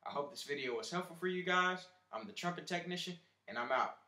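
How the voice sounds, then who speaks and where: A man teaching trumpet basics in a calm instructional lesson, walking through steps and counting the listener in. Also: high-pitched, brisk, creaky, reverberant. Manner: steady step-by-step instruction, counting in.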